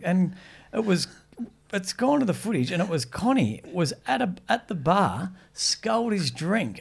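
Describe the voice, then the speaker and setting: A man, a podcast host, telling stories in casual chat with an animated manner, often laughing. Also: high-pitched, a little slow, creaky, very noisy.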